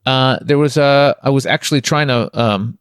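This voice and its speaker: A man's voice: medium pitch, normal speed, clear, resonant tone, no echo, studio quality. A man from Toronto, a podcast guest, telling a spiritual story in a rambling, candid way. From Toronto, Canada. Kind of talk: conversational storytelling.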